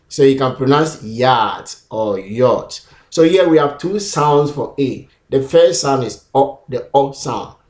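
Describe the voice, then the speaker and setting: A man's voice: medium pitch, reverberant. A man teaching an English pronunciation lesson, sounding out and repeating each sound several times on his own camera. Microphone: self-recorded camera.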